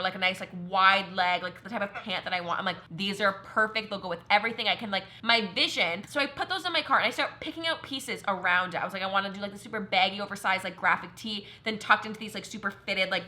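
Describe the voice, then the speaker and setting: A woman's voice: a little high, pushed and bright. A woman chatting casually in her vlog at home, upbeat and peppering her talk with "like". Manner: chatty, upbeat, heavy use of "like". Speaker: vlogger.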